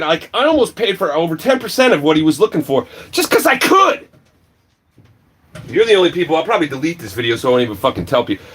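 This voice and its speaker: A man ranting on a livestream, swearing a lot and swinging between shouting and low muttering. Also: breathy edge. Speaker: livestream vlogger. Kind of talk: angry profane rant.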